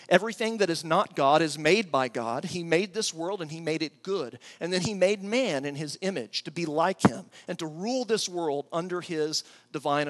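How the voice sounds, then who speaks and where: A middle-aged man preaching a sermon, telling a story with animated, excitable energy and a soft, slow voice when he prays. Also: on the high side. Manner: animated storytelling, acts out his own excited voice; prays softly and slowly. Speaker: pastor.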